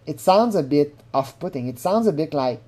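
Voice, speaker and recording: A woman's voice: deep voice, animated, normal speed, warm tone. A woman commenting on a recorded phone call in a casual, blunt way, swearing often and saying "like" a lot.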